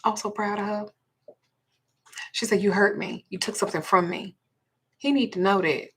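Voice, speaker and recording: Blunt, husky woman with a gravelly low voice. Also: fairly even intonation, moderate pace, a bit bright. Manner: blunt and profane, retelling a client's story. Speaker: spiritual healer and host. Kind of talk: livestream talk.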